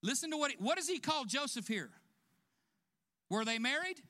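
A man's voice: very high voice, sing-song, normal speed, sharp tone. A man preaching a sermon to his congregation, asking them questions and laughing now and then between points. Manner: preaching directly to the congregation, rising emphasis, asks questions. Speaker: pastor.

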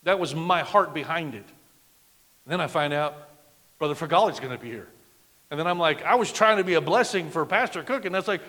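A middle-aged man preaching a sermon as a guest pastor, emphatic, swinging from loud declarations to hushed lines. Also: a little high, a little fast. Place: church sanctuary. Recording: long reverb of a large church hall.

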